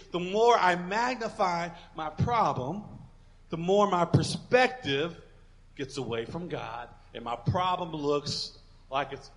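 A man preaching a sermon as pastor, building to emphatic declarations and dropping low to act out quoted voices. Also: a bit bright. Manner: acts out quoted voices, dropping to a near whisper.

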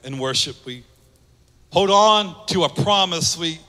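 A man pastor preaching a sermon, earnest, repeating phrases for emphasis and dropping soft on key lines. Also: fairly high pitch, lively intonation, measured pace, big-room sound.

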